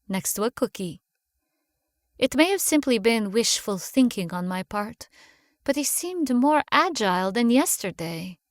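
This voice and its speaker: A woman reading a first-person horror story aloud in a measured, hushed manner. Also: a little high, no room sound, clean studio sound. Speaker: narrator. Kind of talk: scripted horror narration.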